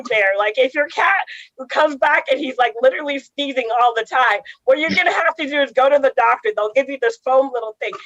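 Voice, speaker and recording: A woman's voice: sits high, a bit bright, dry recording. A woman from Cameroon doing a rambling, sarcastic stand-up comedy set. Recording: dull lo-fi livestream audio.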